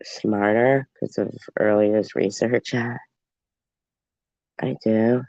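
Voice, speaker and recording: A man's voice: on the low side, steady tone, drawn-out words, a little mellow, dry recording. Congested man rambling on a livestream. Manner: rambling, talks straight to viewers. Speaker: livestream host. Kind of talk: casual livestream commentary. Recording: dull lo-fi stream audio.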